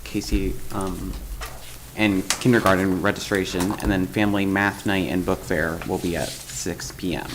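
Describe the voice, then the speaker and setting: A man with a very deep voice gives a short, plain school update at a board meeting. Clear background noise runs under his voice. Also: fairly even intonation, normal speed. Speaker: board member. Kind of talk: meeting report.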